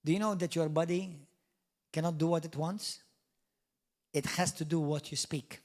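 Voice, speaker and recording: A middle-aged man preaching a sermon with emphatic swings in loudness, dropping in jokey asides. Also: fairly high pitch, fairly even intonation, moderate pace. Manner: jokey asides and mock quotes of doubters. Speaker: pastor.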